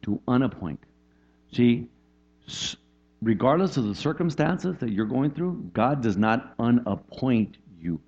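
A man preaching a conversational sermon as pastor, animated, often asking "right?" and jumping up in pitch for emphasis. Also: measured pace, slightly rough. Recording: dull lo-fi sound.

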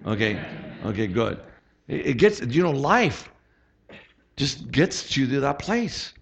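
A man's voice: mid-range voice, big pitch swings, slow pace, gravelly. A middle-aged man preaching a conversational sermon as pastor, chatty and asking the congregation for amens. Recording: dull lo-fi sound.

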